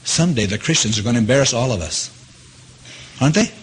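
A man preaching a sermon. He keeps asking his listeners questions and his voice leaps up in pitch to stress a point. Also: quick pace, breathy edge. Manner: animated, asks the audience questions, jumps high in pitch for emphasis. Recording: long hall reverb.

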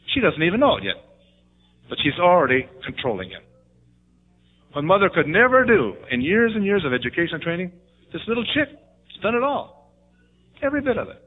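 A man preaching a sermon with animated storytelling, jumping up in pitch to act out quotes. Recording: tinny phone-like band.

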